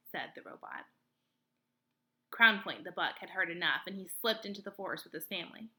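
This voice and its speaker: A woman narrating a children's novel aloud in an expressive, clear storytelling manner. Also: on the low side, fairly quick. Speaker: read-aloud host.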